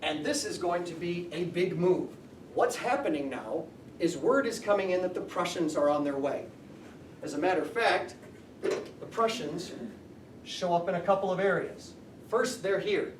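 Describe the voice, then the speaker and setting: Male teacher lecturing, high-pitched, picked up from across an echoey classroom. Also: expressive, moderate pace, far from the mic, a little hiss or hum. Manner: explanatory, asks the class questions. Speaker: high school history teacher.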